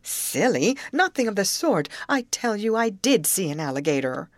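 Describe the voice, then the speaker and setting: A woman voicing a nervous, excitable teenage girl who cries out in shrill, breathless exclamations. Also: moderate pace, no room sound. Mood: insistent.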